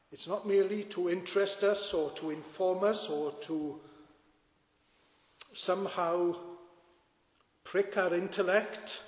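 A man preaching a sermon as pastor, earnest and full of rhetorical questions to his congregation. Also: sits high. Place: church. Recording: echoey church with long reverb.

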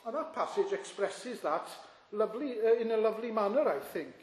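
Guy preaching in a church, high voice, earnest and measured, lots of echo. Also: lively intonation, slight background noise. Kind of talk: sermon. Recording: echoey hall.

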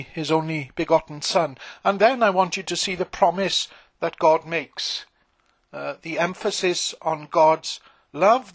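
Slow, high-voiced preaching man. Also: fairly bright tone, no echo. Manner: earnest, emphatic preaching with frequent fillers and pauses. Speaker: pastor. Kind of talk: sermon.

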